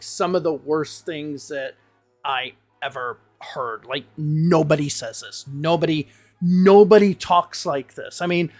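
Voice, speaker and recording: A woman's voice: fairly low pitch, a little mellow. Blunt, exasperated woman teacher. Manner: blunt, exasperated, swears freely. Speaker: English teacher. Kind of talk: casual reaction commentary.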